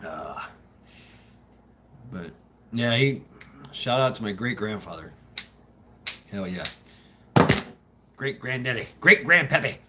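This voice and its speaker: A man's voice: mid-range voice, big pitch swings, takes it slowly, long pauses, noisy background. A Southern man hosting a livestream, talking casually in a rambling, profane way with lots of laughter. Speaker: livestream host.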